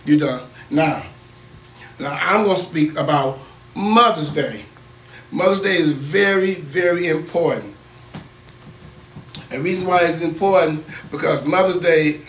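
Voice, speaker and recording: Older man, defensive, repeats himself, high-pitched, faint hiss. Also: unhurried, long pauses, reverberant. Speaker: uncle on a livestream. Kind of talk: casual livestream banter.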